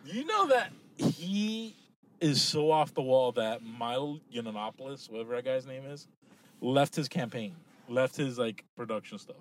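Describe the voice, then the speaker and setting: A man from Miami hosting a podcast, bantering excitably and laughing a lot from inside a car. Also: medium pitch, slight background noise. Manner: excitable, quick to joke and laugh. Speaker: podcast host.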